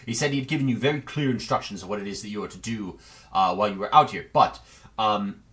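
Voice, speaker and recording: A man's voice: fairly low pitch, fast talker, fairly bright tone, natural voice. A man voicing an earnest, devout male paladin leader who speaks formally with frequent hesitations. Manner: formal, pious speech with frequent ums.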